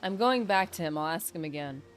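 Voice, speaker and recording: Brisk and animated, this fairly low-pitched woman streams a game with soft music behind her. Her livestream chatter is casual and rambling, full of self-deprecating jokes, sentences that trail away, and fresh restarts.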